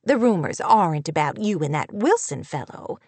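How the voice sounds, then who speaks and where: A woman reading an audiobook, voicing an eager, sly older woman teacher who gossips in a soft, hushed way. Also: fairly low pitch, big pitch swings, moderate pace, no room sound. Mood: hushed confiding.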